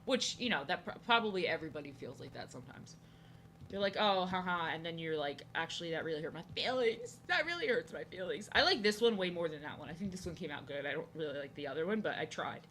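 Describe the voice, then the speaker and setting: Young woman streamer, bright clear voice, rambling casual chat, faint background hiss. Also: lowish voice, animated, fast talker. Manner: rambling, chatty, reacting to chat. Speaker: art streamer. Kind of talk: casual chat while drawing.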